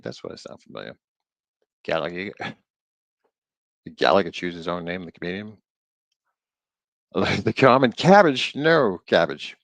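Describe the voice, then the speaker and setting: The man's voice sits low and carries vocal fry, heard with no echo in dull audio. On his live stream he reads an old book aloud, faltering over words and joking around between passages.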